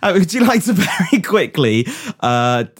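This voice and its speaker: A man's voice: fairly high pitch, sing-song, moderate pace, breathy edge. A man co-hosting a comedy podcast in a studio, teasing his co-host and giggling often. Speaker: co-host and script writer. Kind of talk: playful comedy podcast banter.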